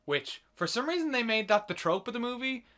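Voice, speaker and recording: In a very high-pitched voice with big pitch swings, this podcast co-host talks fairly quickly, sounding bright and forceful. He's in casual movie-review mode, recapping and ranting about a film and cursing as he gets heated.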